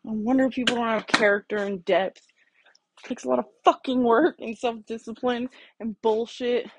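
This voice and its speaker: A woman's voice: on the high side, steady tone, normal speed. A woman hosting a podcast, talking casually and bluntly on her own in a garage, swearing heavily as she rants. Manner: blunt, heavily profane, ranting. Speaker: podcast host. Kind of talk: casual solo monologue.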